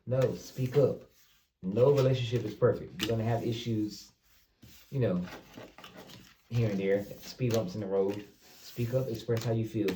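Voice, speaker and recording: Male tarot reader, low mellow voice, casual and repetitive; roomy, distant sound. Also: fairly even intonation, normal speed. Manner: loose, repeats himself, talks straight to viewers. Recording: roomy, distant mic with faint noise.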